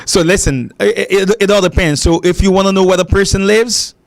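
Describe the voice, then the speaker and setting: Gravelly-voiced man teaching English. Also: high-pitched, fairly quick. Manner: patient, repeats and rephrases explanations. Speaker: English teacher and show host. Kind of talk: call-in English lesson.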